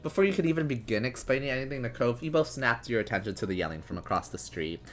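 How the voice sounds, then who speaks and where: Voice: mid-range voice, lively intonation, quick pace, faint music behind. A host narrating an interactive story in second person, laughing now and then while reading.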